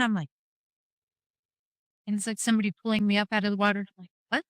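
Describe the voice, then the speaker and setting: She's a middle-aged podcast guest talking openly about grief, her mid-range voice staying fairly level in pitch. She talks fast yet pauses often, the audio has no room sound, and her frank, wry storytelling rambles with quoted back-and-forth.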